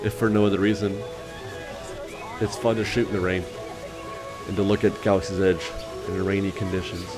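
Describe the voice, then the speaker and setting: Raspy deep-voiced man narrating casually. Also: flat delivery, brisk, pauses often, music in the background. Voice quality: raspy, recovering from illness. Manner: chatty, rambling, with frequent fillers and restarts. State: hoarse. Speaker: vlog host.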